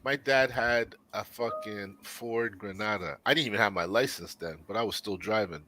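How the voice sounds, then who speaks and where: A man's voice: lowish voice, normal speed, pushed and bright. A man speaking as a panelist in a casual discussion, telling stories with blunt opinions and plenty of swearing. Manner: profane storyteller, blunt opinions.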